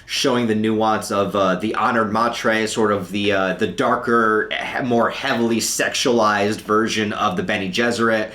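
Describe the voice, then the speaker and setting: A man who is sick and hoarse, talking in a casual, rambling review with a raspy voice and frequent hesitations, from his couch at home. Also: on the low side, steady tone, a little slow, hardly any pauses, fairly bright tone. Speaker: book reviewer. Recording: roomy echo.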